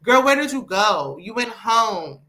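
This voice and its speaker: A woman's voice: fairly high pitch, big pitch swings, a little slow, sharp tone. A woman, giving sassy, opinionated casual commentary on a reality show and talking back at the screen.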